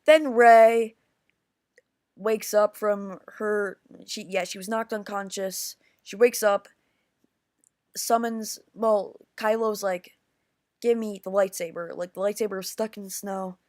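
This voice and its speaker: A woman talks through a film review at a slow, unhurried pace, stumbling over restarts as her excitement runs ahead of her words. She keeps turning to her viewers as guys. Her voice sounds dry and close, with no room around it. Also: medium pitch, no echo. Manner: rambling, halting with many restarts. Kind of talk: casual video review.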